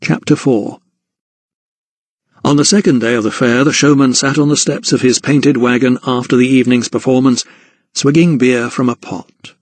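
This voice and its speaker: A man's voice: mid-range voice, fairly even intonation, brisk, no room sound. Man narrating a historical mystery, dry close sound. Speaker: audiobook narrator. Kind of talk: scripted narration.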